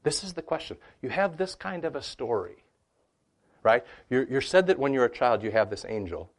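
A man answering questions about scripture in a conversational teaching style, animated and full of "you know" and "right?" asides. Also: medium pitch, normal speed.

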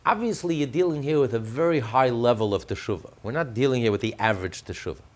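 Animated man teaching a religious text. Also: mid-range voice, fast. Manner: emphatic, repeats and restarts phrases. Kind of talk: explaining a religious text in a class.

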